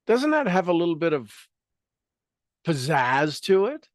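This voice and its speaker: A man with a somewhat high voice leads a coaching talk, walking listeners through exercises. He asks rhetorical questions, repeats key phrases and often drops into quiet asides. The sound is dry, with no room echo. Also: very animated, unhurried, long pauses. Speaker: speaker leading a self-help talk.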